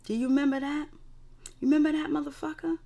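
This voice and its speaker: A woman's voice: a little high, moderate pace, vocal fry. A woman voicing a fierce, furious woman who confronts her ex with cursing. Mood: taunting.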